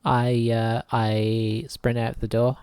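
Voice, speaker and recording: Low, mellow woman player. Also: flat delivery, takes it slowly, clean tone, no echo. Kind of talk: tabletop role-play chat.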